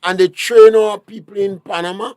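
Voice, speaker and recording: A man's voice: high-pitched, fairly even intonation, normal speed, darkish tone, no room sound, studio quality. A man with a Grenadian accent, a talk show guest, lecturing emphatically with rhetorical questions. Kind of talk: political talk show discussion.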